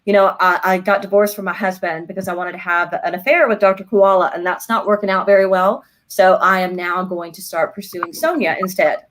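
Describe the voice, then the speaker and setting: A woman's voice: medium pitch, steady tone, a little fast, few pauses, a bit bright. A woman from the American South with a mild Southern accent, chatting playfully and laughing a lot. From Southern United States. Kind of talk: casual chat.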